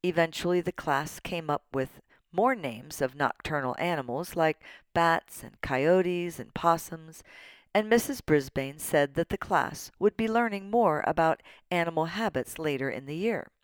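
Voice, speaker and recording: A woman narrating a children's storybook in an animated, playful way. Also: low voice, unhurried, clean tone, dry recording, clean studio sound. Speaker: audiobook narrator.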